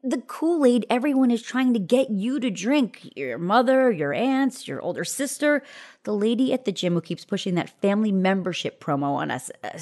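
A woman's voice: mid-range voice, animated, moderate pace, a little mellow, natural voice. An actress playing a blunt, wisecracking female friend who gives tough love. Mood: mocking. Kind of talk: comedy sketch acting.

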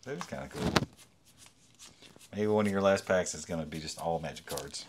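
A man's voice: low voice, moderate pace, very noisy. A man co-hosting a card box opening in casual chat, laughing along and firing back short, swearing quips. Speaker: co-host. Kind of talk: casual chat while unboxing. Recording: wrapper crinkling loud behind voice.

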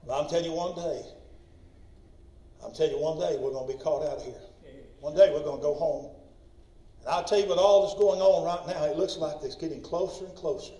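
A man preaches with fiery passion in a church. His voice sits high and climbs as he presses his point. The sound is roomy and distant, picked up from far off in an echoing sanctuary. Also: a little fast, pauses often. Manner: impassioned preaching, shouts in story voices. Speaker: pastor. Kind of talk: sermon.

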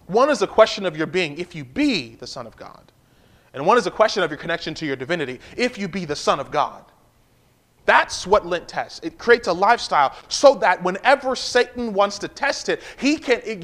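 High-voiced man preaching a conversational sermon. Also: a bit bright. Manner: conversational preaching with repetitions and asides. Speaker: pastor. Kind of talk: livestream sermon.

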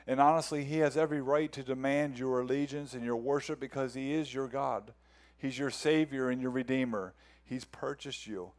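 A male pastor preaching a sermon, earnest, repeating words as he builds each point and reading scripture slowly and with feeling. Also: mid-range voice.

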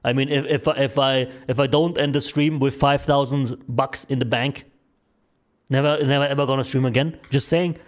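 A male streamer chatting casually as he reads donations aloud, joking and swearing freely. His voice has a medium pitch and sounds worn from an hour of talking. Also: fairly even intonation, normal speed. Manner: loose, joking, profane banter. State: strained, tiring voice. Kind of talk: casual live-stream chat.

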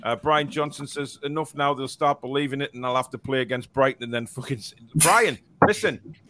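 A man's voice: medium pitch, brisk, fairly bright tone. A man hosting a casual live fan show, chatty and laughing, reading out viewer comments with plenty of fillers and restarts. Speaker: fan podcast host.

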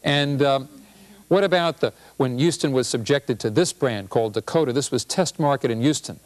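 A man, a physician and professor, giving a humorous public health talk with an animated, punchy delivery. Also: medium pitch, normal speed.

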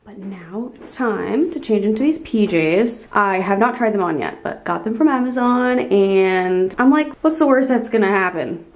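A young woman vlogging casually, bubbly and excitable, often laughing. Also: medium pitch, moderate pace, few pauses, dull audio, a little hiss or hum. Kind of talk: casual vlog chat.

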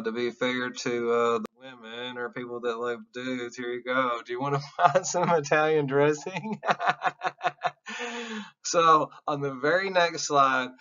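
A man's voice: medium pitch, sharp tone, highs cut off. A man from the American South with a Southern accent, giving a casual classroom lecture in a loose, blunt way, swearing freely. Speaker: college instructor.

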